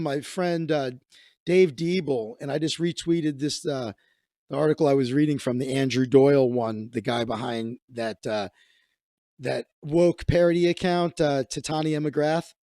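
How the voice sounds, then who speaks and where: A man's voice: on the high side, a little mellow, dry recording, studio quality. A comedian hosting a livestream, a man telling stories in casual, rambling, profane chat with many restarts.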